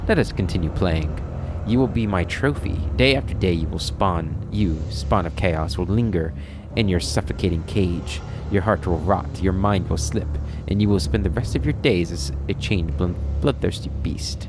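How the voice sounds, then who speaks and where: A man's voice: deep voice, moderate pace, noisy background, natural voice. A man voicing a gloating, cruel male demon lord who threatens his captive. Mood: menacing. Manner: gloating, menacing.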